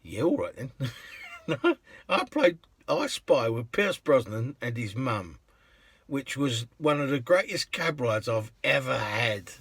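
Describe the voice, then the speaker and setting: A cab driver spins casual yarns about his passengers, rambling along and chuckling at his own tales. His voice is a little husky and sits at an ordinary male pitch. The sound is dry and close, with no room around it. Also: big pitch swings, slow pace, a bit bright, dry recording. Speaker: cab driver telling stories. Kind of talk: casual anecdote storytelling.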